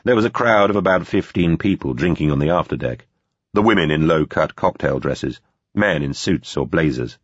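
A male narrator reads an audiobook in a steady, measured way. His voice is very deep and husky. The recording sounds dull and dry. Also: dry recording. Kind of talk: scripted narration.

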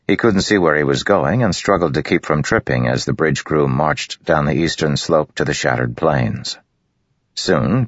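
Male audiobook narrator, extremely low and husky, steady measured read; dry, dull lo-fi recording. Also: no room sound. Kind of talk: scripted fantasy narration.

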